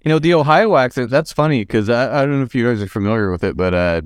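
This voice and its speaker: A man's voice: mid-range voice, quick pace, clean tone, no room sound, clean studio sound. A man from California, a podcast guest chatting casually and joking around. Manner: animated, joking, mimics accents. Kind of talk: casual chat.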